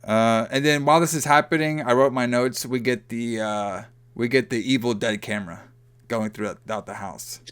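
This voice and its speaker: A man's voice: mid-range voice, fairly even intonation, moderate pace, fairly bright tone, clear, resonant tone. A man co-hosting a podcast, casually recapping a movie in a loose, rambling way full of fillers. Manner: loose, rambling, heavy on fillers like "like" and "you know". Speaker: podcast co-host.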